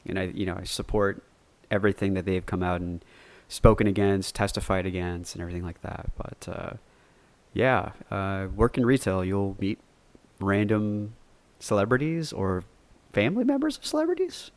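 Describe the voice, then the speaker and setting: A podcast host with a low male voice tells a story from his own life, meandering and relaxed, dropping the odd curse word. The sound is dry, with no room around it. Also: normal speed, no echo. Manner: rambling, loose, cusses freely. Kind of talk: casual solo storytelling.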